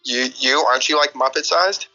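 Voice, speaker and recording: A man chatting on a game stream, stammering and jumping in with excited interjections. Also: mid-range voice, normal speed, faint music behind. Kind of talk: casual voice chat banter. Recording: lo-fi voice chat audio.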